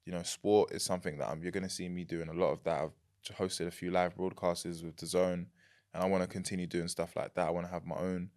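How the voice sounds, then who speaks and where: Young london guy, super deep voice, chatty podcast guest, laughs a lot. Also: fast talker. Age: young adult. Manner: animated, laughs easily, repeats words. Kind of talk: casual chat.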